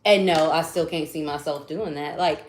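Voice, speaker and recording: Woman, low voice, blunt playful podcast chat, echoey room. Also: normal speed. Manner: blunt, playful, laughs often. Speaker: podcast co-host. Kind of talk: casual chat.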